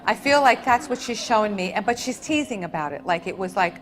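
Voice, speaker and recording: A woman working as a medium, relaying messages to audience members in a soft, tender, soothing manner with endearments. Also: medium pitch, animated, brisk, soft background music, poor audio. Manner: soft, soothing, tender, calling people honey and sweetheart. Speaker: medium at a public reading. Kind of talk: live spirit reading to an audience.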